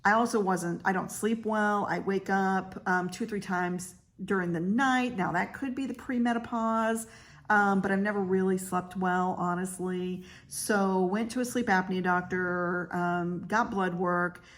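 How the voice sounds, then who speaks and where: A woman's voice: medium pitch, steady tone, measured pace. A woman in her fifties talking candidly in a casual personal vlog, chatty with frequent fillers. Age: 50s. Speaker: vlogger; realtor.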